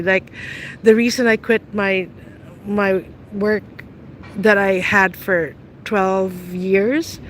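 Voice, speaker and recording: Woman, middle-aged, teasing, laughs a lot, unhurried, outdoor street, faint traffic hum. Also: mid-range voice, low-quality recording. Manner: chatty, teasing, laughs often. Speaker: vlogger. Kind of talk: casual chat with live viewers while walking.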